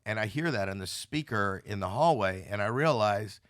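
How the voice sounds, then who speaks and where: A man's voice: lowish voice, animated, moderate pace, fairly bright tone, no room sound, studio quality. A man in his sixties, a podcast guest, candidly retelling a painful experience, acting out the voices of the people in it. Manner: emotional, dramatic retelling with quoted voices. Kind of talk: candid storytelling.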